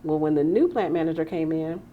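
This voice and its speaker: A woman host with a lower voice tells stories in a relaxed, chatty way. She animates her anecdotes and slips into the voices of the people she quotes. Faint noise hums under the recording. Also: fairly quick, phone-quality sound. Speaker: podcast host. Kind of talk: casual chat.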